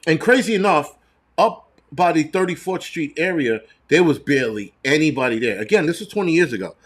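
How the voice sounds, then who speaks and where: A man's voice: on the high side, expressive, brisk. A middle-aged man hosting a casual livestream, answering viewers in a blunt, profane, rambling way. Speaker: channel host.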